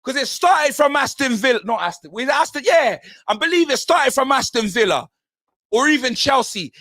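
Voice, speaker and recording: A man in a furious, shouting football rant, his voice high and lively. The flies fast and his delivery stays heated throughout. The sound is dry and close. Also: dry recording. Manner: ranting, shouting, heavy slang. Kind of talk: angry football fan rant.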